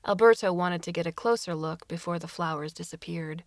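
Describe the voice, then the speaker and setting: A woman narrates a story in a fairly low voice. Her reading is expressive, and she slips into voices for the characters. The sound is dry and close, with no room echo. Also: brisk. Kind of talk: audiobook narration.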